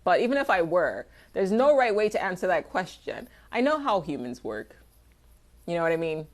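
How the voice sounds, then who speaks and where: A woman's voice: on the low side, big pitch swings, normal speed. A young woman chatting candidly on a livestream, answering viewers' questions in a rambling, loose way and swearing freely. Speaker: artist hosting a livestream. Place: home, livestream.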